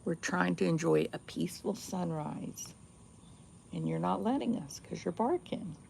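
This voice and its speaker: A woman chatting casually to viewers in an unhurried way while filming a morning vlog outdoors by the water. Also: fairly low pitch, vocal fry, a little mellow, slight background noise. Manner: chatty, unhurried, talks to viewers and to her dog. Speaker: vlogger.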